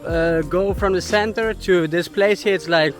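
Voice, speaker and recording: On a hiking trail, this man, a native German speaker vlogging his travels, chats casually, winded from the ascent and laughing frequently. His pitch sits high, his pace is moderate, and faint music plays in the background.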